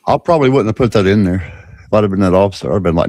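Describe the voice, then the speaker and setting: A man with a lowish voice trades wry jokes in a casual chat, laughing easily. The recording is close and dry. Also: a little mellow, no room sound. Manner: joking, quick laugh, wry.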